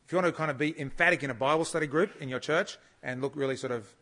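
A man preaches an expository sermon, his voice sitting a little higher than most men's. He reads passages slowly and stops often to explain them. His delivery stays measured, with firm emphasis on key words. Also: a bit bright. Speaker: conference speaker teaching the Bible.

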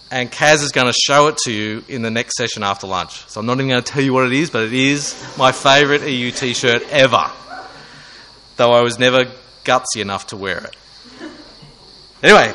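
A man's voice: medium pitch, bright, forceful tone, slight background noise, low-quality recording. A young man giving a joking talk to a student audience, self-mocking and asking the crowd questions. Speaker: student ministry speaker.

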